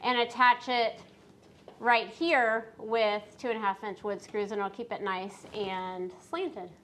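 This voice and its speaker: A woman's voice: on the high side, steady tone, measured pace, a bit bright. A woman, co-hosting a casual DIY build tutorial and laughing at her own flubs. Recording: light music behind.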